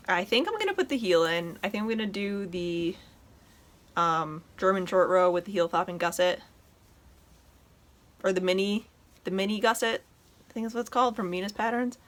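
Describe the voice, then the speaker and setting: A woman's voice: mid-range voice, a bit bright. A woman hosting a knitting podcast, chatting casually and enthusiastically as she shows her projects at home. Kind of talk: casual show-and-tell chat.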